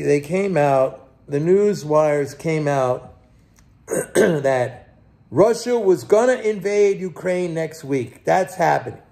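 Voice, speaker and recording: A man hosting casual, animated market commentary, exasperated and mocking. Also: a little high, creaky. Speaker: host.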